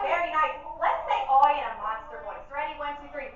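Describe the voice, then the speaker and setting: A woman with a high voice leads young children through sound drills, calling out words for them to repeat. She is heard from across a very echoey classroom, the sound dull and distant with faint noise behind. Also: fairly quick, few pauses. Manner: lively, call and response. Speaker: classroom teacher. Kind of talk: teaching young children phonics.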